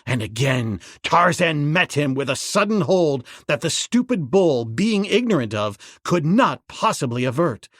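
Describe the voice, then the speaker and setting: A man narrating an adventure audiobook in a dramatic, measured way. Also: a little high, sing-song, fairly bright tone, dry recording, studio quality.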